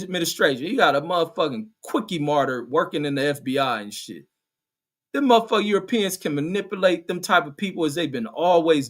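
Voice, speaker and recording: A middle-aged man with a slightly bright voice on the high side hosts a live stream. He reads out viewer comments and responds with angry, combative, profanity-heavy street-slang rants.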